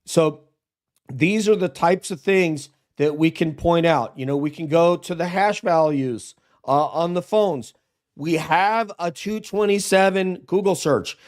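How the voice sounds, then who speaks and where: As a guest co-host on a live true-crime stream, a man with a fairly high voice speaks at a measured pace, pressing his points in an emphatic, argumentative manner.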